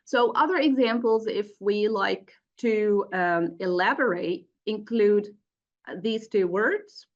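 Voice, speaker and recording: A woman's voice: mid-range voice, slow. A middle-aged woman lecturing teachers in a webinar, explaining step by step with frequent "um" and "uh" fillers. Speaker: teacher trainer. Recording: dull lo-fi webinar audio.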